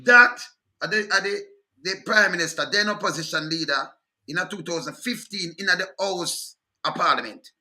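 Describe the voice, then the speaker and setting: High, bright-voiced Jamaican man. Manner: halting, repeats words, Jamaican patois phrasing. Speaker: co-host. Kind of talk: casual political chat.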